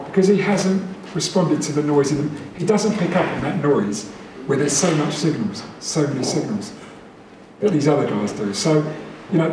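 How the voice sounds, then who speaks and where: Heard from afar in a heavily reverberant meeting room, a male presenter delivers a talkative, energetic address in a fairly high voice. Clear background noise runs underneath the recording.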